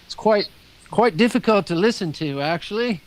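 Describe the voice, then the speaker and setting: A man's voice: sits high, lively intonation, moderate pace, low-quality recording. A man in casual chat, telling loose stories, swearing offhandedly and trailing off.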